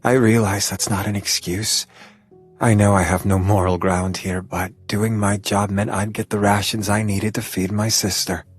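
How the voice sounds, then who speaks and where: Guarded grieving young woman in an audiobook, husky and low, read by a man, quiet and halting. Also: flat delivery, faint music behind. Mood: subdued. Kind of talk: audiobook character reading.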